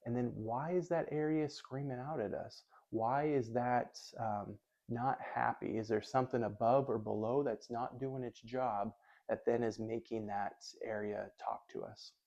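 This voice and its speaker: Calm, mellow-voiced male physical therapist. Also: medium pitch, measured pace, vocal fry, muffled recording. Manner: calm, methodical, thinks aloud. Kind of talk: explanatory lesson.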